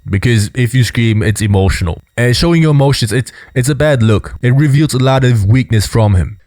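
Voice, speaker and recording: A man's voice: mid-range voice, brisk, darkish tone. A young man giving casual, explanatory commentary on body language, peppering his points with "you know" and "right?".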